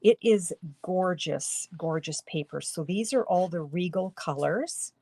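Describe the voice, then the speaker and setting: Speaking at a measured pace in a warm, slightly rough, lowish voice, a middle-aged woman live-streams a card-making demo from her home craft studio. She chats and guides viewers through each step, though a tickle in her throat makes her cough now and then. There's no room sound.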